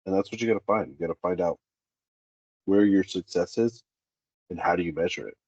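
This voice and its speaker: A man with a very low, husky voice talks through job-site stories and acts out what people said. The sound is dry and a little muffled. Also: brisk, no room sound. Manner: animated, acts out quoted dialogue. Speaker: safety specialist guest. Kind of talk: candid interview storytelling.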